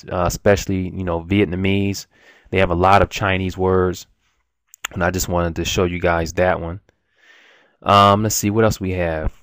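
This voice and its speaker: A man's voice: sits low, clean tone, no room sound, clean studio sound. A man giving a casual, rambling language lesson at his computer, full of restarts and fillers. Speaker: language teacher.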